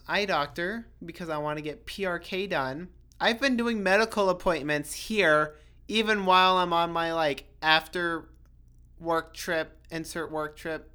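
A deep, somewhat bright voice belongs to a young woman hosting a solo podcast. She talks in a loose, rambling, chatty way, swearing freely and interrupting herself with restarts and frequent "like"s.

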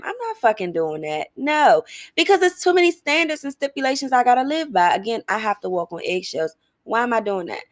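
A woman's voice: medium pitch, animated, fairly quick, dry recording, clean studio sound. A woman hosting a casual monologue, talking bluntly and emphatically, swearing freely as she shares her views and questions listeners. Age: adult, getting older. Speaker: podcast host.

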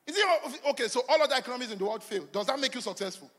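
A man preaching a sermon, swinging between loud declarations and quiet asides. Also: rapid-fire. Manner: animated preaching, swinging from shouts to low asides. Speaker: pastor. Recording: long hall reverb.

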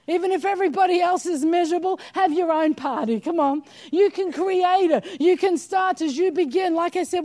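A woman's voice: high-pitched, warm tone. An older woman preaching a sermon, emphatic and urging her listeners on with repeated calls of "come on.".

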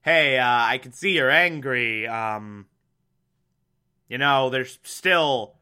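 Man putting on a mild pastor, soothing, hesitant, quiet and lower, bright sharp tone. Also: takes it slowly, clear, resonant tone. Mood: placating. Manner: hesitant, soothing, full of ums. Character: soft-spoken middle-aged male pastor, placating.

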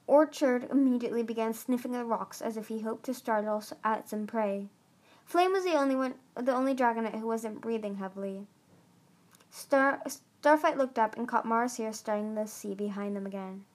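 A woman reads a fantasy novel aloud in a slightly high voice. Her reading is earnest, with the occasional stumble and restart. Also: normal speed. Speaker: audiobook reader.

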